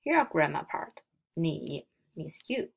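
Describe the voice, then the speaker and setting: A young native Mandarin speaker with a Mandarin Chinese accent teaches beginners in a recorded language lesson, speaking slowly, explaining step by step, and modelling each tone aloud. Her low voice has a gravelly edge and big pitch swings.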